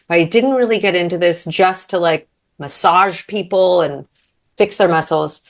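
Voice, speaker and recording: Woman, thirties, low-pitched, talkative interview guest full of fillers. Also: normal speed. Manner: animated storytelling, acts out quotes, many fillers. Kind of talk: casual interview chat.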